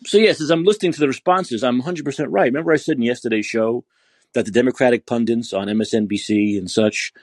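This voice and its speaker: Male podcast host with a husky voice, combative and mocking, recorded dry. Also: mid-range voice, quick pace, no room sound. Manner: sarcastic, combative, insulting. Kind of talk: ranting political commentary.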